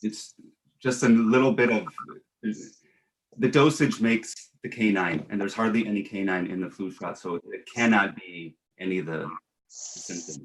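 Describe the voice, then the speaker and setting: A man's voice: fairly low pitch, moderate pace, poor audio. A man playing a fake doctor on a satirical talk show, speaking in a mock-serious, pompous way and rambling with frequent restarts.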